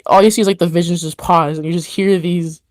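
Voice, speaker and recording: A woman's voice: lowish voice, fairly even intonation, fast, darkish tone, dry recording. A woman narrating a tabletop game as game master, describing scenes in a hesitant way full of fillers.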